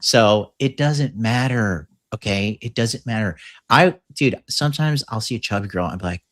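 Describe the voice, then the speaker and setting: A man's voice: on the low side, lively intonation, fairly quick, a bit bright. Blunt provocative male podcast host. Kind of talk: crude casual banter.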